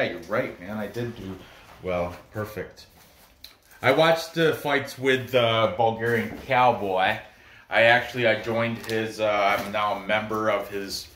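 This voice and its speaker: A man's voice: fairly low pitch, fairly bright tone, far from the mic, a little hiss or hum. A man hosting a fight-picks video, chatting casually and bragging a little, with frequent restarts. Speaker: MMA picks video host. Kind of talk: casual solo commentary. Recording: echoey room, somewhat off-mic.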